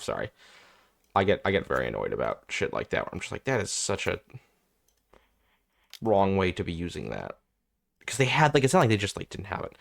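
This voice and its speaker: With a low voice and vocal fry, a young content creator gives running commentary on his card game match. He reasons aloud as he plays, swearing and becoming exasperated.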